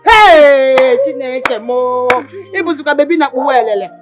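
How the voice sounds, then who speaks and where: A woman's voice: high voice, lively intonation, normal speed, over loud music. A Nigerian woman playing a brash young village woman, scolding and exclaiming with pidgin asides. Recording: dull lo-fi film audio.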